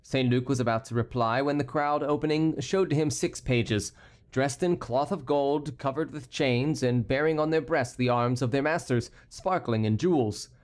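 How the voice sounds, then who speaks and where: A man narrating a historical novel as an audiobook, reading every character himself and lifting his pitch for the courtiers. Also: moderate pace. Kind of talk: scripted narration.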